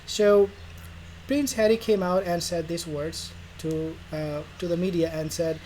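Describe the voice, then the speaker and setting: The voice is mellow and medium-pitched, a little slow, with fairly even intonation, heard on a low-quality recording over faint background noise. It belongs to a royal news vlogger who performs imagined dialogues in casual, sarcastic commentary.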